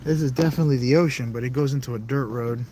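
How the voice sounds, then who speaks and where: Vlogger man, mid-range voice, talks to himself while driving, loud road noise underneath. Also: medium pitch, quick pace. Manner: chatty, jumpy, self-talking. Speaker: vlog host. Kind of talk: casual driving commentary. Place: inside a car while driving.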